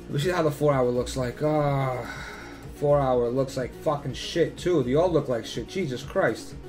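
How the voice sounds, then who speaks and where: A man's voice: mid-range voice, normal speed, a little mellow. Swearing, emphatic man over faint music. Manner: emphatic, repeats warnings, swears freely. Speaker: crypto chart analyst hosting his channel. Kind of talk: casual screen-share chart commentary.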